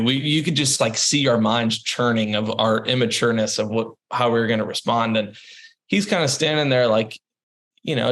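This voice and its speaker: A man in his thirties, a podcast guest, telling stories in a casual, lively way. He laughs often and repeats words as he goes. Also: fairly low pitch, brisk. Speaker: interview guest. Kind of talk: casual storytelling.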